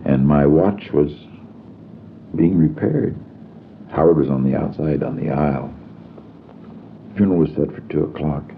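An older man with a very deep, gravelly voice tells stories from his past in a halting way, stopping often to restart his sentences. The sound is tinny and narrow, like an old recording played over a phone line, with faint hiss beneath it. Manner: halting, with many fillers and restarts. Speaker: storyteller. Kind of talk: anecdotal reminiscence.

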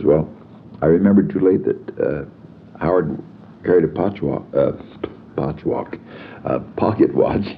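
An older man recalling stories from his working life, with a halting delivery full of fillers and restarts. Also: rumbling low, creaky. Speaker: storyteller. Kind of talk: anecdotal reminiscence. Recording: tinny phone-like archival recording with faint hiss.

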